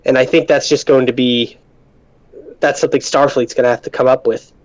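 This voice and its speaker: A man's voice: medium pitch, fairly even intonation, brisk, no room sound. A man playing an engineer in a tabletop game, talking in a playful way. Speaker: player as engineer. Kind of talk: tabletop role-play. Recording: dry, dull mic.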